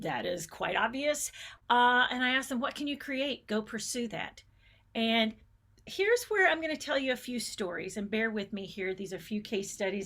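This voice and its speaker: A woman's voice: fairly high pitch, fairly bright tone. A middle-aged woman giving a conference keynote, telling stories with enthusiasm and changing pace often. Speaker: keynote speaker, space educator. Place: conference stage.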